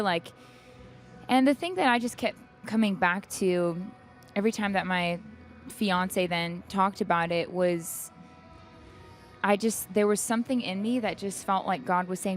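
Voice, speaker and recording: A woman's voice: mid-range voice, steady tone, normal speed, soft background music. Candid young woman telling stories. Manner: candid, laughs often while telling stories. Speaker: guest singer. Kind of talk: casual interview chat. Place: backstage at an event.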